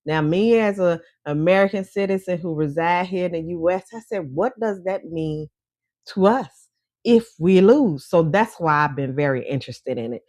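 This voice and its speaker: A woman's voice: fairly low pitch, normal speed, darkish tone, no room sound, studio quality. A woman vlog host with a Chicago accent and Mississippi roots, chatting casually and folksily to her viewers.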